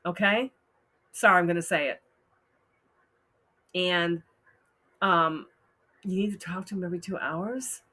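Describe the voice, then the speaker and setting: Woman host giving blunt advice, slow and bright-toned, laughs a lot. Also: lowish voice. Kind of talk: casual advice talk reading posts.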